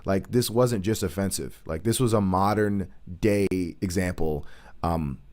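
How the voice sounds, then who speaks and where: A man's voice: low voice, unhurried, darkish tone. A man hosting a livestream, giving earnest, emphatic commentary on current events and repeating his points to stress them.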